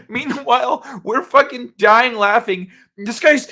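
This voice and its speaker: High, bright-voiced man hosting a livestream. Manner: laughs a lot, swears, quotes people in animated voices. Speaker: livestream host. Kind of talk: casual chat with live chat.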